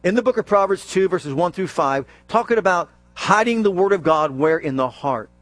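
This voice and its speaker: A man preaching a sermon, reading scripture aloud and calling out questions to the congregation, stressing key words and dropping low for emphasis. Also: lively intonation, moderate pace, a bit bright, no room sound. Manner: calls out questions to the congregation and answers them.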